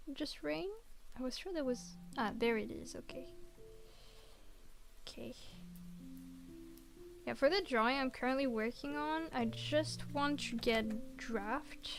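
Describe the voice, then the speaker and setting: High-pitched girl streaming, soft chatty voice, a little music playing quietly behind. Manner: soft-spoken, reads chat aloud, encouraging. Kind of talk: casual chat while working.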